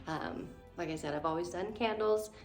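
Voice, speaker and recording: A woman's voice: lowish voice, moderate pace, echoey room, far from the mic, soft background music. A woman teacher in her thirties, explaining breathing exercises for children in a friendly, step-by-step way with some fillers. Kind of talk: instructional talk to camera.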